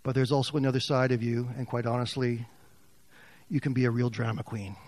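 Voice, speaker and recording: A man preaching a sermon as pastor, swinging from loud, raised passages to quiet, near-whispered lines. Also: medium pitch, level tone, brisk.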